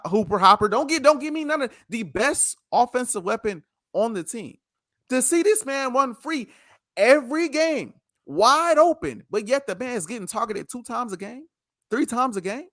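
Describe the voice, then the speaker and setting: A man's voice: high-pitched, a bit bright, dry recording, clean studio sound. A man co-hosting a sports podcast, ranting passionately and repeating himself for emphasis in a heated debate.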